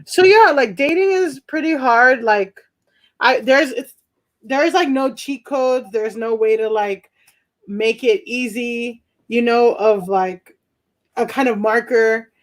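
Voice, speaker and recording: High-voiced woman doing rambling stand-up. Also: takes it slowly. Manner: rambling, breaks into laughter, loud shouted punchlines. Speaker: stand-up comedian. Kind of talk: stand-up set over a video call. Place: home during quarantine. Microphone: video call.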